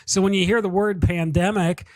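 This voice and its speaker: A man's voice: high voice, fairly even intonation, moderate pace, no echo, studio quality. A man hosting a podcast interview, chatty and jokey, telling stories in a casual way. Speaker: podcast host.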